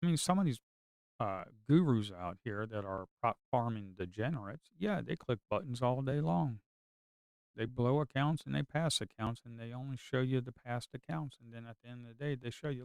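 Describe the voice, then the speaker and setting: A middle-aged man talks through his trading session in a relaxed, rambling way. His voice is smooth and resonant, and he often repeats phrases or drops sarcastic remarks. The sound is dry and close, with no room echo. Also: medium pitch, moderate pace. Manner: chatty, repeats himself, sarcastic asides. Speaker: day trader streaming live. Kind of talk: casual live-stream trading commentary.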